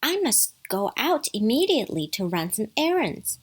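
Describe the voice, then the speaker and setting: A woman as a gentle mother goat. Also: a little high, very animated, normal speed, slightly rough.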